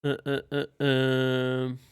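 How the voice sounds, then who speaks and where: A man's voice: medium pitch, completely flat delivery, extremely slow, clear, resonant tone. A young man live-streaming a game from home, rambling casually and swearing, with lots of "like" in his speech. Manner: rambling and profane, full of "like". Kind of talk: casual live-stream chat while gaming.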